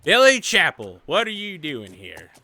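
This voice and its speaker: A woman's voice: lowish voice, wildly swooping pitch, a little slow, sharp tone, voice pushed up, full character voice. A man voicing a fierce, hot-tempered young gunslinger woman in a tabletop game, snapping and threatening. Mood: angry. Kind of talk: tabletop game role-play.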